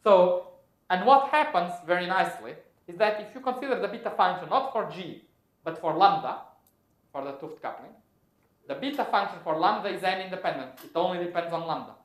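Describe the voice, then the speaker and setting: This physics lecturer has a high, animated voice and speaks a little fast. Working through the technical material step by step, he reasons out loud and fixes his own mistakes, all captured in an echoey lecture room.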